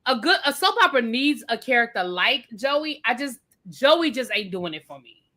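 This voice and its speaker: Bright emphatic woman chatting casually. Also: a little high, big pitch swings, normal speed. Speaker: co-host of a soap opera recap show. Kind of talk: casual livestream chat.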